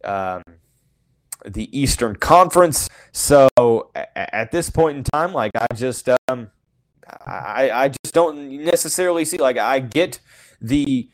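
A man with a mid-range voice hosts a solo sports talk show. He rambles through his opinions and fills every pause with "you know", but he still says plainly what he thinks. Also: medium pitch, expressive. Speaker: sports podcast host. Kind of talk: casual solo sports commentary.

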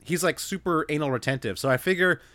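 Young male podcast host, slightly high, dry close sound, jokey and quick to laugh. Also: fairly bright tone, no room sound. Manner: joking, laughs often, quick restarts. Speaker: podcast host reading listener questions. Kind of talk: casual chat.

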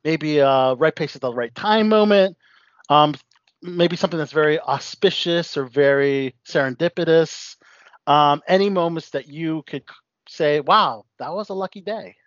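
A man's voice: a little high, moderate pace, no room sound, dull audio. Rambling male radio host. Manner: rambling, filler-heavy. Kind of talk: casual radio chat.

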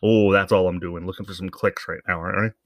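A man's voice: sits low, fairly even intonation, quick pace, dry recording, dull audio. A man hosting a podcast, giving casual, rambling commentary in a sarcastic, profane way. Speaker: podcast host.

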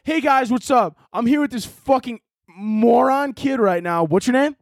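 A brash middle-aged hustle guru, put on by a man, talks in a raised, smug, salesy voice. He pitches at a phone camera like a loud pitchman. The sound is dry and close. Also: normal speed, no echo.

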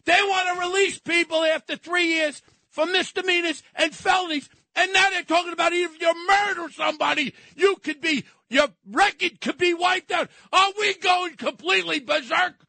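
A man in his seventies ranting angrily on a political talk radio show, often shouting. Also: extremely high pitch, moderate pace, gravelly. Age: 70s. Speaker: radio co-host.

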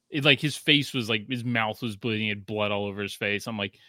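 A man's voice: lowish voice, moderate pace, no room sound, clean studio sound. A man in his thirties, a podcast host, reading a listener review aloud and joking in casual chat. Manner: joking, profane, animated.

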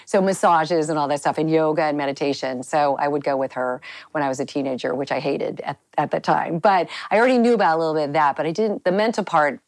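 Low-voiced chatty middle-aged woman. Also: quick pace, no echo. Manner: candid, chatty, many fillers. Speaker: guest nutritionist. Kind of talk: casual interview storytelling.

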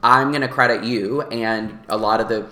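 A man's voice: lowish voice, steady tone, moderate pace, sharp tone, reverberant. A man with a Southern US accent, a magazine editor talking earnestly in a casual podcast chat. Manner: earnest, rambling with fillers.

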